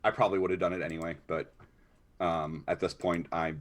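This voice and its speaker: A man's voice: low voice, steady tone, a little fast. A man playing a tabletop game, talking in an easygoing way and thinking aloud with many fillers. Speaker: player. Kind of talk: casual tabletop game play.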